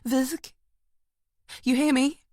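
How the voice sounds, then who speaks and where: A woman's voice: high-pitched, flat delivery, very slow, dark tone, dry recording, clean studio sound, pitched above the performer's own voice. A woman narrator voicing a woman police detective, speaking in urgent, breathless, clipped bursts.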